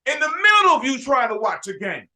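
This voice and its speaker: High, bright-voiced man ranting animatedly. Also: brisk. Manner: animated, ranting storyteller with frequent restarts; shouts for emphasis. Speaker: podcast host. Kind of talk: casual sports podcast chat.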